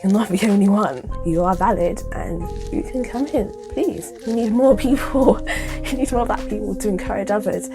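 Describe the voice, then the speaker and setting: A woman cosplayer urging others to join in, warm and emphatic. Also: medium pitch, moderate pace, over music. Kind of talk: encouraging message.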